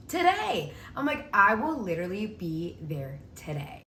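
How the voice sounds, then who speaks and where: Chatty young woman vlogger, animated storyteller who acts out quotes; echoey room, faint hiss behind. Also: on the high side. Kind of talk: casual storytelling vlog.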